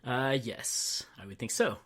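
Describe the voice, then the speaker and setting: A man's voice: medium pitch, a little slow, a bit bright. A man hosting a podcast, giving short reactions and teasing remarks. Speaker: podcast host. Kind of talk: casual chat.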